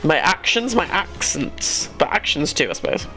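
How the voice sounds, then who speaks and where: A man with a voice on the higher side talks through a card game as he plays it, rambling and making fun of himself. His commentary is loose and conversational. Soft game music plays faintly behind him. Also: huge pitch swings, normal speed. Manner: thinks aloud, rambling and self-deprecating. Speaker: gaming YouTuber. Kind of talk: casual let's-play commentary.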